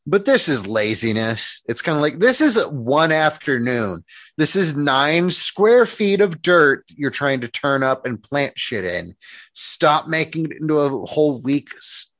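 A man's voice: fairly high pitch, big pitch swings, measured pace, fairly bright tone, no room sound. A man co-hosting a casual podcast chat, ranting with heavy profanity. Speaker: podcast co-host.

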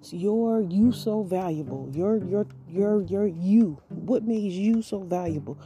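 A woman's voice: mid-range voice, slow pace, hardly any pauses, mellow, soft background music. A woman with a Southern US accent, hosting a podcast and talking straight to her listeners in a folksy, repetitive way. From southern United States. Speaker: podcast host. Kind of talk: casual monologue.

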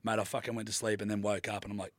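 A man's voice: on the low side, level tone, very fast. A young Australian man telling a story in a casual, swearing, laid-back chat, acting out the dialogue. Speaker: podcast guest.

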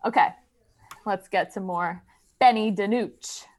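A woman's voice: medium pitch, a little slow. A woman hosting a bidding game on a podcast, announcing scores and calls in a playful, auctioneer-like way. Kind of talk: casual podcast chat.

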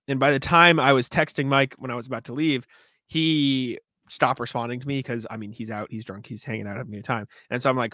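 A young man co-hosts a podcast in casual chat. He tells stories with plenty of energy, laughs, and swears freely. His voice sits at a middling pitch, close to the mic in a dry, dead room. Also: quick pace, bright, forceful tone, no room sound. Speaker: podcast co-host.

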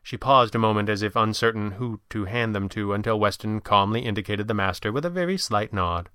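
A man reading an audiobook in an even, storytelling way. his voice is bright and crisp, and it sits close and dry with no room behind it. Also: on the low side, brisk, no room sound. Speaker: audiobook narrator. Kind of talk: scripted narration.

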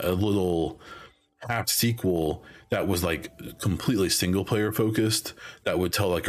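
A man with a very low voice talks through a solo podcast in loose, rambling chat, full of fillers and restarts. His voice is wearing thin as though he is losing it. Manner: rambling, many ums and restarts. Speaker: podcast host. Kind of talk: casual solo podcast talk.

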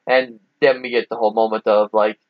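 A man's voice: lowish voice, flat delivery, brisk, highs cut off, a loud crowd. A man co-hosting a casual movie chat, adding short remarks and agreement. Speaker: podcast co-host.

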